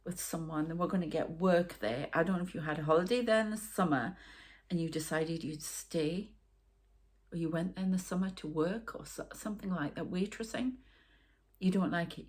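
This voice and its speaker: Geordie woman, tarot reader, rambling chatty delivery, slightly low voice. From North East England. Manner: rambling, chatty, with asides and sighs. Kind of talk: casual psychic reading monologue.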